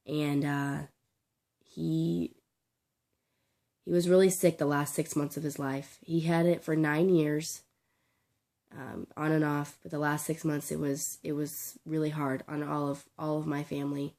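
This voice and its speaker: A young woman with a sore throat talking in a personal vlog, halting, tearful and full of restarts. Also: deep voice, flat delivery, vocal fry, darkish tone. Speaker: vlogger.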